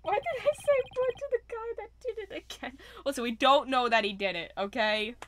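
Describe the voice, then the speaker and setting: A woman's voice: high voice, a little fast. Giggly young woman streaming a game. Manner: chatty, giggly, excitable. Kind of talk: casual game commentary. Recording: noisy stream audio with clicks.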